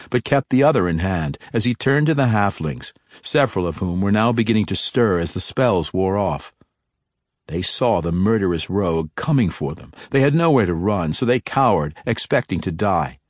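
A man narrating a fantasy audiobook in an even, measured way. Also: low-pitched, no echo, clean studio sound.

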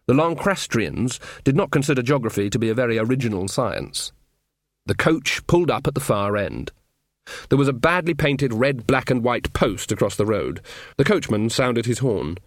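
A man's voice: medium pitch, animated, moderate pace, no room sound. Man narrating in a dry comic tone. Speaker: audiobook narrator. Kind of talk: scripted narration.

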